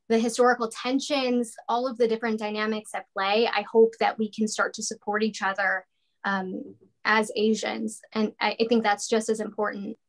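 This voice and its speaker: A woman's voice: medium pitch, a bit bright. A woman moderating a livestreamed panel discussion over a video call, speaking earnestly and conversationally with frequent ums.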